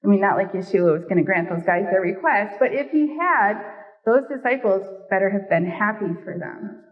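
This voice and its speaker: A woman's voice: medium pitch, lively intonation, normal speed. A middle-aged woman teaching a sermon in a chatty way, joking with her listeners between points. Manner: conversational, playful asides to the audience. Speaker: Bible teacher. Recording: distant, dull, long hall reverb.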